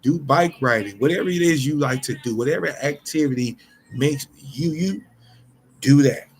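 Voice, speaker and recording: A man of medium pitch gives an unscripted motivational talk straight to his viewers, calling them y'all. He is earnest and repeats himself, often breaking off and restarting sentences. Faint ambient noise sits behind his voice. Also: normal speed. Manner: earnest, repetitive, many restarts; addresses listeners directly as y'all. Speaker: motivational vlogger.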